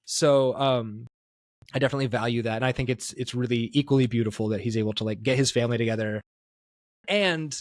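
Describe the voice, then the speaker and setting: A man's voice: medium pitch, quick pace, no room sound. A man hosting a podcast interview, talking in a rambling way full of fillers and restarts. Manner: rambling, filler-heavy, self-correcting. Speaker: podcast host.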